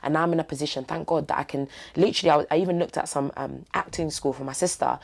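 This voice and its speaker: Low gravelly young woman. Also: steady tone, fast talker, a little mellow. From East London. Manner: heartfelt, emphatic, slangy. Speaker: podcast guest. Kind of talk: candid interview talk.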